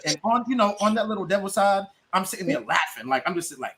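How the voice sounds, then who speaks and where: A man in his forties chatting on a podcast, animated and telling stories with quoted voices. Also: sits high, fast talker, few pauses, a crowd in the background. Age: 40s. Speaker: podcast co-host. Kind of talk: casual podcast chat.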